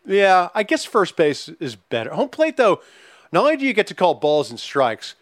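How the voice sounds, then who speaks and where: A male podcast host with a bouncy, upper-range voice talks at a moderate pace, animated and profane, as he reads out listener questions. The close mic gives a dry, casual sound.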